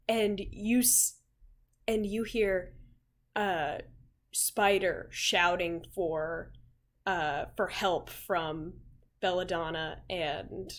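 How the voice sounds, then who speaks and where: A young woman running a tabletop game, narrating a scene in an unhurried, halting way with many fillers. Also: medium pitch. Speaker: game master.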